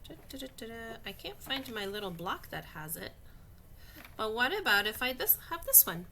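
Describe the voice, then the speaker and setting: A woman's voice: on the high side, sing-song, moderate pace, bright, forceful tone, slight background noise. A woman teaching a phonics lesson to young children, patient and encouraging, stretching out each sound.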